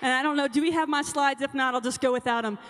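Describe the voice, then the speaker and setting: A woman's voice: high-pitched, fairly even intonation, fast, fairly bright tone, a little hiss or hum. A young adult woman speaking to a conference of teen girls in a bubbly, chatty way, calling out to the crowd. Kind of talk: energetic talk to teen girls. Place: large conference hall. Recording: long hall reverb.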